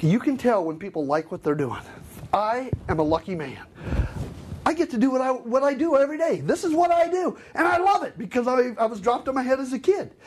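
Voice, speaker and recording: A man's voice: very high-pitched, a little fast, slight background noise. A middle-aged man giving a live customer service training seminar, joking and acting out customers. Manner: animated, joking, acts out customers.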